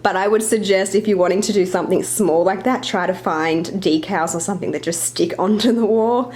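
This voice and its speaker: A woman's voice: medium pitch, brisk, a little mellow. A young woman giving a chatty home tour as a vlogger, a bit out of breath and apologizing now and then. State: slightly out of breath. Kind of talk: casual home tour narration.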